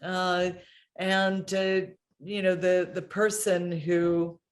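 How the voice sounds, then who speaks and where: A woman's voice: lowish voice, level tone, extremely slow. A woman hosting and moderating a conversation over a video call. She speaks thoughtfully, with many fillers. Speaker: host, moderator. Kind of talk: casual conversation.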